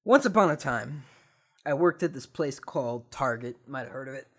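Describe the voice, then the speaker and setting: A man's voice: medium pitch, expressive, normal speed, fairly bright tone. Young male podcast host with a sarcastic, swearing storyteller's rant that swings between mutters and outbursts.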